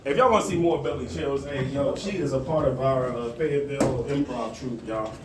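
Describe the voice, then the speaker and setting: A man's voice: medium pitch, a little fast. Man hosting, distant. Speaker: comedy show host. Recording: distant, roomy mic with loud noise.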